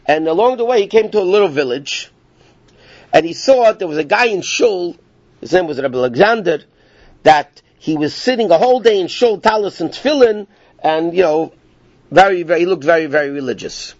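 A man's voice: high voice, lively intonation, a little fast, a little mellow, no room sound. A man teaching a class through casual, rambling stories, often breaking off mid-sentence. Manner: casual, rambling, self-interrupting. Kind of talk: informal storytelling lesson. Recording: dull lo-fi dry recording.

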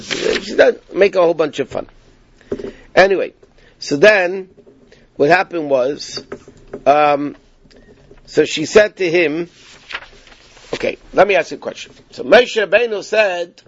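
A man teaching a Torah class, telling the story in a lively, animated way, with frequent restarts. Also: on the high side, a little slow, long pauses, highs cut off, a little hiss or hum.

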